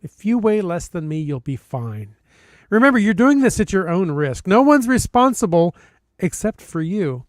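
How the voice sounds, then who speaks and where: High-voiced man reading a story with flair. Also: very animated, dry recording, clean studio sound. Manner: dramatic, playful emphasis with comic pauses. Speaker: podcast host. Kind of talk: reading a listener's story aloud.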